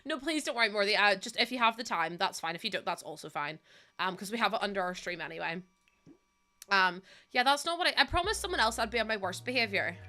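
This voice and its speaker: A woman's voice: medium pitch, expressive, quick pace, pushed and bright. Giggly Northern Irish woman streamer. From Northern Ireland. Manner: giggly, gushing, close to tears with gratitude. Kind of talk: live-stream chat with viewers while playing.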